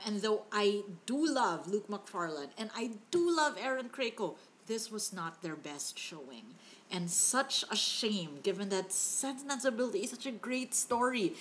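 A woman's voice: mid-range voice, slight background noise. Ranting woman reviewing a movie. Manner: exasperated, ranting, swears freely. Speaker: podcast co-host. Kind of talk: casual movie review chat.

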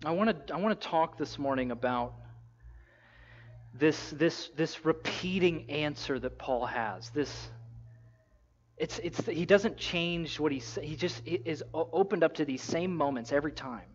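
Animated high-voiced male preacher. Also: unhurried, dull audio. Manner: animated storytelling, acting out quotes in a casual voice. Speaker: pastor. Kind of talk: sermon.

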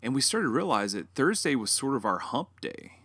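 This man, in his thirties or forties, co-hosts a casual podcast chat and sounds very animated, fairly quick, a bit bright, with a breathy edge and no room sound. He tells stories and acts out his own past lines, raising his pitch as he does.

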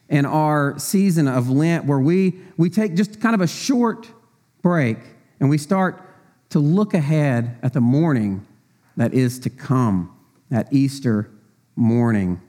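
A middle-aged deacon preaches to his church in a relaxed, conversational way, tossing out rhetorical questions and filling his pauses with small fillers. His voice sits a little on the high side for a man. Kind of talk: sermon.

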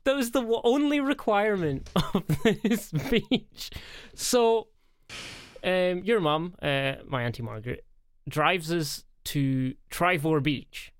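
A man's voice: high voice, expressive, slow pace, clean tone, dry recording, studio quality. A Scottish man co-hosting a podcast, telling a story in casual chat and laughing often. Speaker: podcast co-host.

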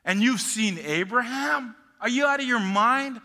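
A man's voice: extremely high pitch, lively intonation, a little slow, bright, forceful tone, big-room sound, voice pushed up, exaggerated voice. A man voicing an angry crowd of accusers who fire incredulous questions.

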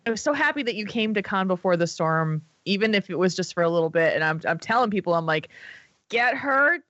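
Woman host, lively pitch, bright, dry dull-sounding recording. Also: fast, no room sound. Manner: expressive storyteller, swings between high and low. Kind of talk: casual chat.

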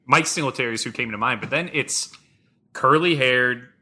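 A man co-hosting a podcast, animated in casual chat and quick to laugh. His tone is bright and forward. His pitch stays in an ordinary middle range. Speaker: podcast co-host.

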